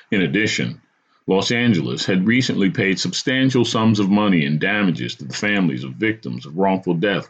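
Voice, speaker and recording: A man hosting a podcast, telling a true story from his own life in a dramatic first-person style. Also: deep voice. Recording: dull lo-fi recording.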